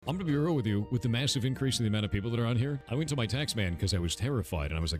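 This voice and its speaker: A man telling a candid, animated story straight to camera. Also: medium pitch, racing, few pauses, soft background music.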